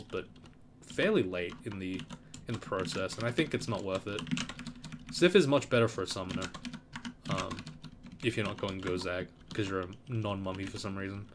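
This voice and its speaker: A man's voice: low voice, noisy background. A man giving casual, rambling gameplay commentary, thinking aloud as he plays. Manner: laid-back, rambling, thinking aloud with fillers. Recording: keyboard typing and clicks in background.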